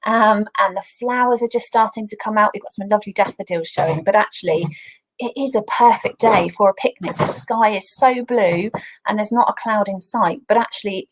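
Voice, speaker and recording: An English woman talks to children at home in a relaxed, chatty way, as if over a video call. She keeps the tone homely and light, slipping in small laughs as she goes. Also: medium pitch, fairly quick, rough recording. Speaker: church talk leader. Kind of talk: casual children's church talk. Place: home by a garden window.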